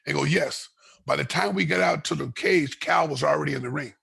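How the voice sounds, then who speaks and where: A gravelly, very raspy man tells a fight story as an interview guest. He acts out the other people in his tale and often repeats and restarts his words. His voice sits a little high for a man. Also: brisk, sharp tone.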